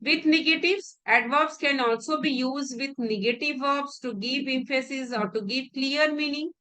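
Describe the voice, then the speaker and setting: Indian English woman, grammar teacher, fairly high voice, explains by repeating and breaking down examples. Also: moderate pace, pushed and bright. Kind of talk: exam-prep grammar lesson.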